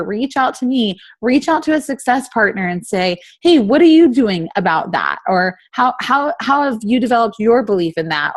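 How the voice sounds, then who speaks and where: A woman in her thirties leading a motivational team call over video chat, full of rhetorical questions. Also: medium pitch. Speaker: team leader.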